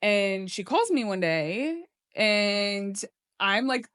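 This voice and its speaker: A young woman hosting a podcast in casual chat, talking fast and loose with lots of "like". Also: mid-range voice, big pitch swings, fairly bright tone, clean tone, no room sound, clean studio sound. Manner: chatty, fills talk with "like". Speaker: podcast host.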